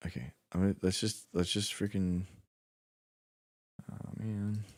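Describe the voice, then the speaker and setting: A man's voice: sits low, little pitch movement, measured pace, no echo, clean studio sound. A young American man hosting a nightly livestream, chatting with viewers, rambling and saying "like" and "dude" a lot. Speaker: livestream host. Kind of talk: casual chat with chat viewers.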